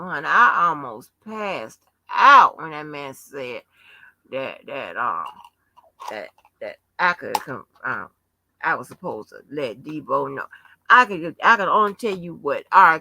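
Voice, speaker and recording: A woman hosting a casual livestream, talking bluntly and combatively with frequent swearing and halting restarts. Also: low voice, animated, pushed and bright, no echo, poor audio. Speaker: livestream host.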